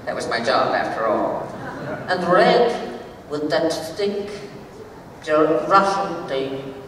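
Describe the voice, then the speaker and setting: A woman in her sixties answering fan questions on a convention panel, with a theatrical, emphatic and measured delivery. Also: sits low, very animated. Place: large convention hall with audience. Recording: distant, echoey hall recording with crowd noise.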